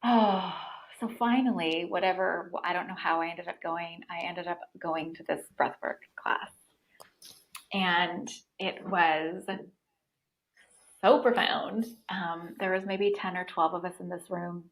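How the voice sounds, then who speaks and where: A woman in her thirties telling her own story as a podcast guest, in an animated, casual way, with many "like" fillers. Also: fairly low pitch, unhurried, rough recording. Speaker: podcast guest, breathwork facilitator.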